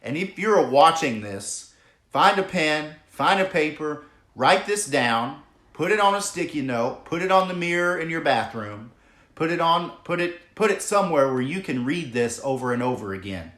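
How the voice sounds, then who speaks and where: Pastor, male, fairly high voice, unhurried earnest delivery, echoey church hall. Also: animated, fairly bright tone. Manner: earnest, emphatic, drawn-out preaching cadence. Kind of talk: sermon. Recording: echoey room.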